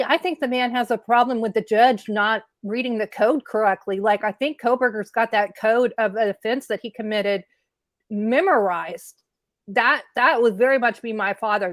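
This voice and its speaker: A woman guest in an interview, talking earnestly and candidly in quick bursts with fillers. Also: mid-range voice, no echo. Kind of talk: conversational interview commentary.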